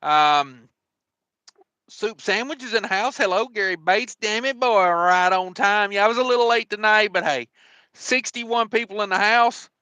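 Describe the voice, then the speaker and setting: A man's voice: high-pitched, a little slow, bright, forceful tone, dry recording. A man hosting a casual trucking livestream, rambling and joking with lots of fillers. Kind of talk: casual live-stream chat.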